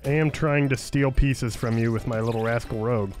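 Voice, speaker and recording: A man's voice: medium pitch, steady tone, normal speed. A man giving playful let's-play commentary, teasing the creatures he fights in the game. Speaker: gaming YouTuber. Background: game music.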